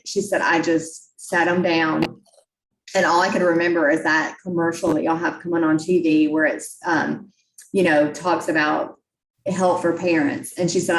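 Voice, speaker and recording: A woman talks to a club meeting in a folksy, self-deprecating way. Her voice sits a little low. The room is echoey, and she is some way from the mic. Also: far from the mic. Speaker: guest speaker at a club meeting. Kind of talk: storytelling talk.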